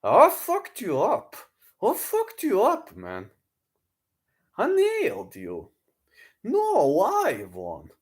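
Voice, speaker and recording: A man doing an impression of a brash, boastful man who keeps yelling that he won, in a shrill, repetitive way. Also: huge pitch swings, extremely slow, pauses often, full character voice. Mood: taunting. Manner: shrill, repeated yelled boasts.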